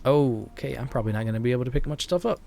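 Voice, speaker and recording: A man's voice: mid-range voice, lively intonation, racing, vocal fry, a little mellow, a little hiss or hum. A man with a slight Southern US accent, chatting casually with viewers while streaming a game, rambling and laughing often. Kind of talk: casual gaming stream chat.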